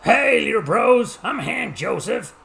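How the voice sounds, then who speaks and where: A man's voice: extremely high pitch, sing-song, gravelly, pushed and bright, voice pushed up, heavily acted. A man with a Mexican accent reading a game's lines as a boastful male thief-gang boss, drawing the words out theatrically. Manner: drawn-out, theatrical, raised voice.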